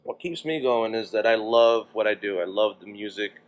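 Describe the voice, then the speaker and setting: A man from New Jersey, a podcast guest, chatting casually and telling stories with quick back-and-forth quotes. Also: on the low side. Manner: rapid storytelling, acting out quoted exchanges. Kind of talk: casual chat.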